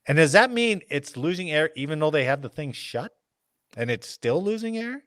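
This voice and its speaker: Man, podcast host, casual chat, reads news aloud, jokey asides, very animated pitch, dry close sound. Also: normal speed, no echo.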